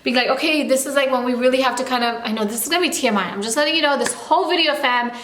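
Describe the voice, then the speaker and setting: Young woman, vlogger, bubbly, rambling, chatty, fairly high voice, echoey room. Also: rapid-fire, a bit bright. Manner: bubbly, rambling, lots of fillers. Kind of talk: casual chat to camera.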